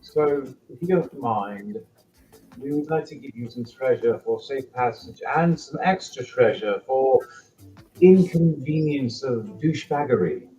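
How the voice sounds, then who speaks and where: A man voicing a polite elf diplomat who speaks formally and apologetically, at a deliberate pace. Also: mid-range voice, animated, mellow, highs cut off, soft background music, lightly acted. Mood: pleading. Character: polite elf diplomat, male, smooth-talking.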